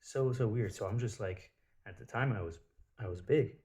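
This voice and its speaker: A man's voice: lowish voice, normal speed, darkish tone. A man telling stories in a rambling, casual monologue, swearing freely. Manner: rambling, profane storytelling.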